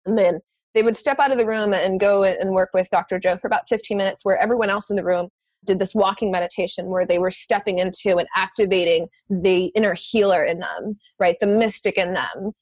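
A woman telling a personal story in casual conversation, animated, laughing often and swearing casually. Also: medium pitch, fairly quick, no echo.

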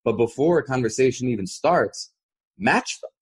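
A man's voice: medium pitch, normal speed, breathy edge. A man co-hosting a podcast, explaining casually and acting out the voices he describes. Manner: animated, demonstrates voices while explaining. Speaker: podcast co-host.

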